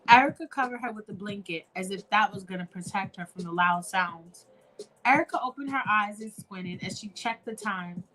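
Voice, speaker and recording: A woman's voice: mid-range voice, normal speed, pushed and bright, faint music behind, poor audio. A young woman hosting an online show, reading a fan-fiction story aloud in a chatty, casual way and addressing listeners directly. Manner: chatty, talks to listeners as "y'all".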